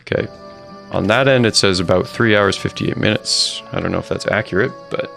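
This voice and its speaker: A man's voice: sits low, fairly quick, gravelly, a bit bright. A man streaming a video game, rambling casually and chatting with his viewers as he plays. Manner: rambling, chatty, talks to viewers while playing. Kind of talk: casual gaming commentary. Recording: game music under the voice. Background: video game music.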